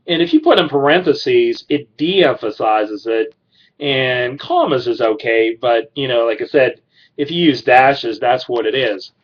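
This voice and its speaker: A man's voice: medium pitch, muffled recording. A man giving an informal classroom lecture on criminal justice writing, rambling with many fillers and restarts.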